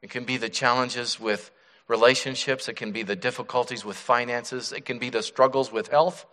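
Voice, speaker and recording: A middle-aged male pastor preaching a sermon, dropping to soft hushed tones and then rising with emphasis. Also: mid-range voice, steady tone, normal speed. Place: church sanctuary. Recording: church hall reverb.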